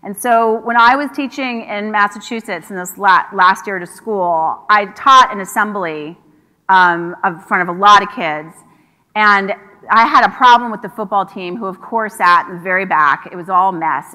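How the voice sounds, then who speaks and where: A woman speaking from a stage with a bright, forceful voice. She tells stories conversationally and acts out quoted dialogue. A long hall reverb trails her words. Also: mid-range voice. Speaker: keynote speaker. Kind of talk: conference keynote speech. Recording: hall reverb from a large venue.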